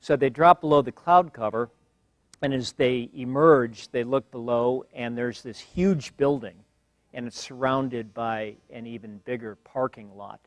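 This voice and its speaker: An older man addresses a university class as guest speaker. He talks in a measured, dryly humorous way, stopping often to gather his words. The sound is close and dry, with little room echo. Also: medium pitch, fairly even intonation. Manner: measured, wry, frequent pauses and fillers. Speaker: guest lecturer. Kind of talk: university lecture. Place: lecture hall.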